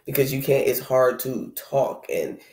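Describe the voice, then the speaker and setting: A man's voice: mid-range voice, expressive, a little slow, a little mellow. A man in his thirties talking casually and reflectively about spiritual growth, rambling in a conversational way. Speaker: spiritual vlogger. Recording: echoey room.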